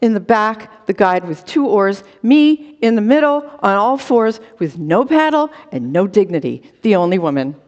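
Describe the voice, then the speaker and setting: A woman's voice: mid-range voice, big pitch swings, moderate pace, few pauses, a little mellow. A woman performing a comic true story for a storytelling contest, with dramatic timing and short, punchy phrases over a video call. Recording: dull lo-fi audio with long reverb.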